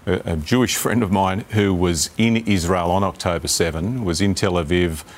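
A man's voice: sits low, normal speed. An Australian man speaking as a politician on a live TV panel, earnest and repeating words when pressed. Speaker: politician guest.

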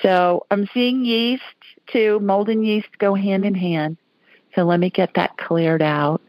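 A woman's voice: medium pitch, fairly even intonation, slow pace, darkish tone, no echo. A woman from Alabama, hosting a call-in radio show in a folksy, chatty way. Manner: chatty, folksy, laughs often. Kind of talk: casual call-in radio chat. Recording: dull lo-fi audio.

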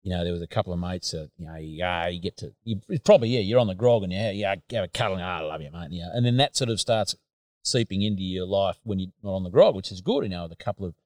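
A man's voice: sits low, lively intonation, quick pace, darkish tone, no echo. A man with an Australian accent hosting a podcast, talking reflectively and hesitantly, with many fillers and restarts. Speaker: podcast host. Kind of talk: casual conversational interview.

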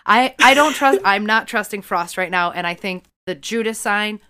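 A woman co-hosting a podcast, recapping a TV episode in animated casual chat, often restarting her sentences. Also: medium pitch, normal speed, smooth. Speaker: podcast co-host.

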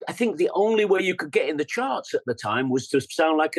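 A man's voice: on the high side, lively intonation, a little fast, hardly any pauses, breathy edge, no room sound, low-quality recording. An older man with an English accent tells his stories with lots of animation. He scats rhythms and acts out quotes, and he sounds close and dry on the mic. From England. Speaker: guest musician. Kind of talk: storytelling interview.

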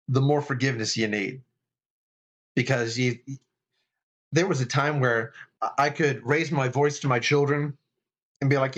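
A middle-aged man, a chaplain, giving an earnest, casual faith talk, thinking aloud with restarts. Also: medium pitch.

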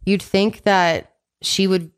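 A woman's voice: mid-range voice, fairly even intonation, takes it slowly. A woman co-hosting a casual gossip podcast, blunt and swearing freely, laughing at her own jokes. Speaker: podcast co-host.

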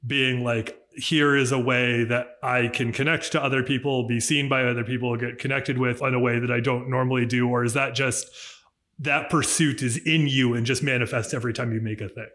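A man hosting a podcast and asking curious, open-ended questions. His voice is mid-pitched and soft-spoken. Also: steady tone, a little fast. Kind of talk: casual podcast interview.

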